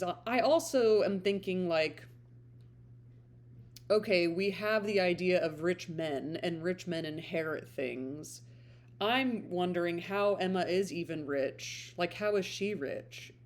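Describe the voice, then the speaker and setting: With a fairly low pitch and a measured pace, a woman who reads books on her channel muses casually. She feels her way toward the right words as she thinks aloud.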